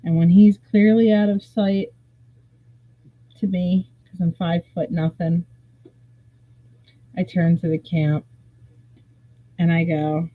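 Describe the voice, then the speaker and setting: A live stream host telling a rambling story in a casual, animated way, swearing freely. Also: medium pitch, takes it slowly, pauses often. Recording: tinny phone-like audio.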